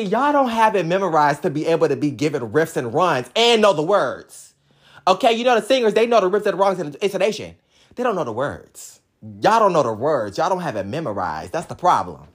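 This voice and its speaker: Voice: mid-range voice, big pitch swings, fairly quick, slightly rough. A vlogger in casual, sassy chat to camera, rambling and teasing the audience, with bits of singing. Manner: breaks into snatches of song.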